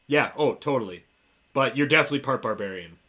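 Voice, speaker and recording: A young man co-hosting a podcast, telling animated stories in casual chat and laughing often. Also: medium pitch, fast. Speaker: podcast co-host.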